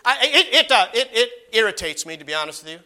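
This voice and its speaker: A man preaching a sermon, moving between emphatic exclamations and quiet asides, and reading scripture aloud in slow measured phrases. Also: high voice, sing-song. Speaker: pastor. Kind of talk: expository sermon.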